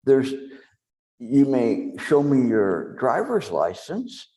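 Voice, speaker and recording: A male meditation teacher delivering a dharma talk with a mellow, dark voice. He speaks very slowly and with deliberate pauses, letting each phrase settle before moving on. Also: medium pitch, huge pitch swings. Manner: slow, deliberate, with long pauses.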